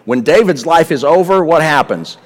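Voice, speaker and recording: A man's voice: a little high, animated, moderate pace, big-room sound. A pastor preaching a sermon to his congregation, emphatic and asking them questions as he teaches.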